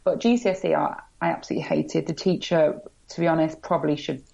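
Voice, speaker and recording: A woman's voice: deep voice, steady tone, fast, gravelly, a little mellow, dull audio. A woman with an English accent, a blogger guest speaking candidly and with self-deprecating humour in a casual interview.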